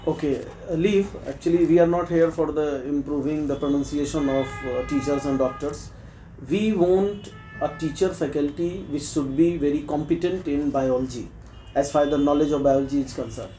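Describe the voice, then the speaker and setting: A man's voice: on the high side, fairly even intonation, normal speed, mellow, echoey room, soft background music, poor audio. A man from Bihar with an Indian accent, conducting a mock job interview and pressing the candidate with challenging questions.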